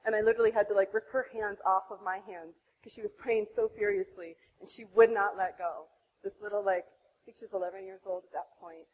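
American woman in her 30s, husky kinda breathy voice, telling a heartfelt testimony like a sermon. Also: mid-range voice, a little fast, muffled recording. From United States. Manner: emotional, animated storytelling with laughter. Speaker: speaker giving a testimony.

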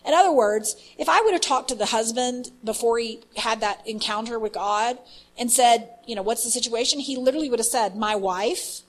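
A woman leading an inner healing ministry, telling an animated story with many fillers in a faith-based teaching talk. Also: on the high side, fairly quick, poor audio.

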